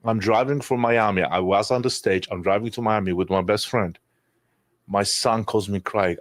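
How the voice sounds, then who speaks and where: A man's voice: fairly low pitch, normal speed, no echo, studio quality. A man, telling emotional personal stories in a candid conversation, rambling and restarting, with swearing. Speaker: podcast guest.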